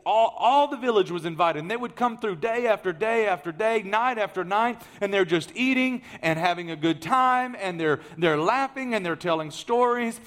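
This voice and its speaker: A man preaching a sermon, telling the story in a lively way that swings from loud emphasis to hushed asides. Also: high-pitched.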